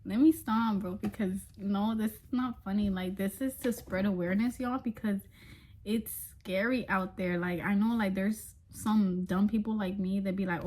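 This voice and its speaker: Young woman doing a storytime vlog, talks to y'all, swears a lot, mid pitch, laughs a bunch. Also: fairly even intonation, moderate pace, a little mellow. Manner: chatty and frank, swears freely, laughs between lines; addresses viewers directly as y'all. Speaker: vlogger. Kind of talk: casual storytime monologue.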